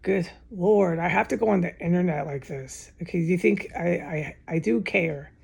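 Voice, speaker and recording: Gravelly, husky woman vlogger. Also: on the low side, moderate pace, a little mellow. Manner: agitated, repetitive, with frequent swearing. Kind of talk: rambling direct-to-camera monologue. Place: home, indoors.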